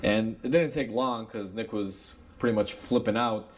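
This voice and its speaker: A man talks through a story from the repair shop in a loose, conversational way. His voice sits a bit low, and he keeps dropping in fillers and little asides to the viewers as he goes. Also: moderate pace. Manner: rambling, filler-heavy, addresses viewers as "guys". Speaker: auto mechanic sharing shop stories. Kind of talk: casual storytelling to camera.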